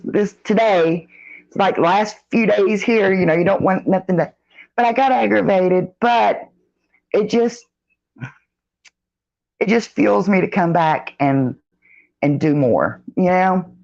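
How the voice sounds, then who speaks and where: Slow, gravelly middle-aged woman chatting on a live stream, folksy and drawn-out, over dull phone audio. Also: medium pitch, a little mellow. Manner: chatty, greets viewers by name, drawn-out and folksy. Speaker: vlogger reading live chat. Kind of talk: casual live-stream chat.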